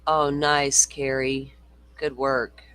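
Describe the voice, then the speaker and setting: A man's voice: medium pitch, flat delivery, takes it slowly, pushed and bright, clean tone, no room sound. A middle-aged man hosting a casual true-crime livestream, swearing freely and reading viewer comments aloud. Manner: profane, ranting, reads viewer comments aloud.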